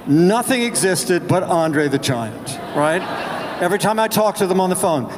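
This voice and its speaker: An older man tells a rambling, lively story on a panel, his voice a touch high. His words ring out with a long reverb tail through a large hall. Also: moderate pace, background noise. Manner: lively storyteller with restarts, raising his voice for children's lines. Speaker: actor on a convention panel. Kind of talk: anecdote told to an audience.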